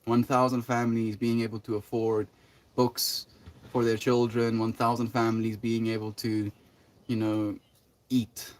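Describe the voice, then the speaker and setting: Young man, livestreamer, casual chat, rambling, laid-back, lots of fillers, mid pitch. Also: level tone, a little slow, a little mellow. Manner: rambling, laid-back, full of "like", "you know" and "dude".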